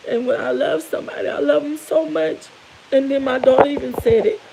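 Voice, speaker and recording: Brief: middle-aged woman vlogger, gravelly fry in her voice, raw and candid, faint hiss behind. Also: sits high, fairly quick. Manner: emotional, candid, tearful at moments. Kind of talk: personal storytelling to viewers.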